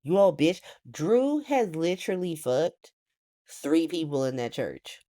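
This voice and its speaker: A woman recapping a soap opera in a casual, profane, animated way, swearing often and laughing as she goes. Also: deep voice, measured pace.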